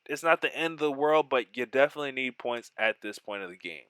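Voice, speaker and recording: A man giving excitable play-by-play of his own football video game, mixing in joking, self-deprecating asides. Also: mid-range voice, quick pace, smooth, no room sound. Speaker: gaming YouTuber.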